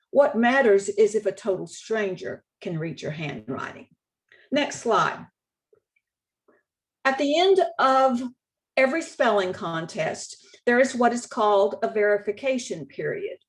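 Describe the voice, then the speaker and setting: A woman with a Texan accent giving a conference talk on spelling contests, walking through slides in a measured, instructive way. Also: fairly high pitch. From Texas. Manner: measured, instructive, reads example quotes aloud. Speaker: state contest director.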